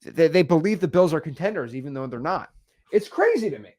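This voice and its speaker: A man coaching on real estate wholesaling, energetic and repetitive, acting out example calls. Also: a little high, fairly quick. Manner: energetic, repeats words, acts out examples. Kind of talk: teaching talk on video.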